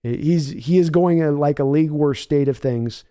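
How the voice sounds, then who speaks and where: A man hosts a live game reaction stream with a slightly higher pitch and a mellow, soft tone. He rambles through opinionated analysis and stops to read viewer chat aloud, answering each comment in a casual, conversational way. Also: normal speed. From United States. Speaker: livestream host.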